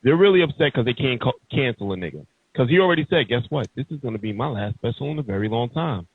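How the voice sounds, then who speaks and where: Man, podcast host, fired-up profane rant, husky, phone-like sound. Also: mid-range voice, expressive, fast, no room sound. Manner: heated, profane, emphatic ranting. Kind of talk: casual ranting chat.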